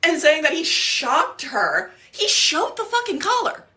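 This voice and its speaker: A woman's voice: very high-pitched, very animated, unhurried, bright, forceful tone. A woman ranting in casual commentary, profane and exasperated, often laughing as she talks. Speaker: TikTok commentator.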